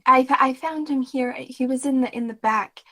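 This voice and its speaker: A woman voicing a tired, meek young shopkeeper who speaks softly and hesitantly. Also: sits high, moderate pace, pitched above the performer's own voice. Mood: shaken. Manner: soft, hesitant, apologetic.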